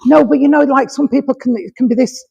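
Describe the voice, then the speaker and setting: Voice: high-pitched, steady tone, quick pace, gravelly, mellow, slightly rough, dull audio. A medium from Rotherham with a Yorkshire accent, giving messages to an audience, calling people darling and sweetheart and checking in with "all right?" after almost every thought. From Rotherham, England. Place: village hall. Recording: long reverb of a hall.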